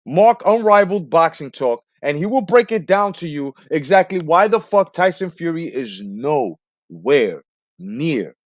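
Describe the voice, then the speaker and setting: A man hosting a late-night boxing talk show, talking in a fairly high voice. He rants profanely and hammers home rhetorical questions. The sound is dry and close. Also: no echo. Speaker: host.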